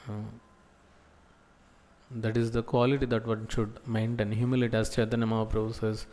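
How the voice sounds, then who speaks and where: A man giving a scripture class as a preacher, talking slowly with many pauses and fillers. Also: lowish voice, little pitch movement, warm tone, in a large hall. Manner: slow, halting delivery with many pauses and fillers. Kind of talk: sermon. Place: temple hall.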